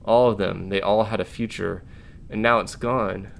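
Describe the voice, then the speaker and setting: A man reading the lines of a tender young woman officer in a game, soft and earnest. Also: fairly low pitch, fairly even intonation, normal speed, gravelly, a little hiss or hum. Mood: sad.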